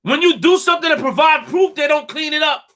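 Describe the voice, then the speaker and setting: Bright high-pitched man streaming live. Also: brisk. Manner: emphatic, repeats phrases, talks to chat. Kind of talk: animated live stream commentary.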